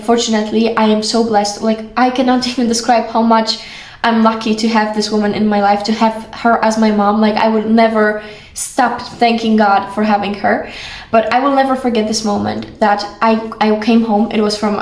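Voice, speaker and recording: Chatty young woman. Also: fairly high pitch. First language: Polish. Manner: chatty, full of "like", affectionate. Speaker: vlogger. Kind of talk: casual heartfelt talk to camera. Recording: roomy echo.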